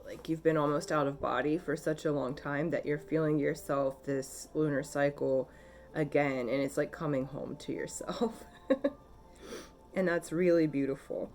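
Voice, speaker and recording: Woman, low voice, casual spiritual card reader, gentle and teary, lots of ums. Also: fairly even intonation, normal speed. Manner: soft, gentle and emotional, with many fillers. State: tearful. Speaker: tarot and oracle card reader.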